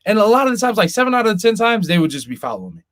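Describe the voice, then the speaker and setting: A man co-hosting a casual podcast speaks earnestly and with concern, frequently stumbling and starting his sentences over. His voice is high-pitched, sing-song, racing, and slightly bright.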